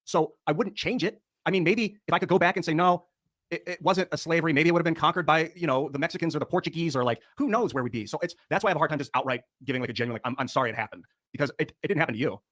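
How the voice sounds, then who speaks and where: A man's voice: fairly high pitch, very fast, a bit bright, no room sound, studio quality. A man co-hosting a podcast, rambling and hesitant, with lots of fillers. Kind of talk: podcast conversation.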